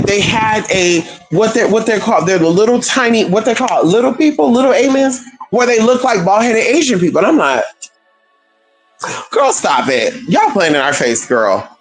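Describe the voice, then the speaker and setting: Sassy gossiping man, slightly high voice. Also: big pitch swings, normal speed, over music, rough recording. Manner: sassy, gossipy, swooping pitch; calls listeners girl and honey. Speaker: livestream host. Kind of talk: casual chat storytelling.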